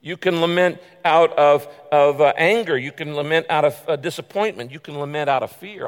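A male pastor preaching in a large auditorium, his slightly raised voice carrying a long reverb. He swings from loud, pleading quotes to quiet, confiding asides. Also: fairly high pitch, moderate pace, few pauses, smooth. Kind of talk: sermon.

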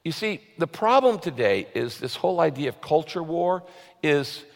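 A man's voice: big pitch swings, normal speed, vocal fry. Earnest preaching man in a reverberant hall. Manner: earnest preaching, rising for emphasis then dropping soft and low. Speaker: pastor. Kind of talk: sermon.

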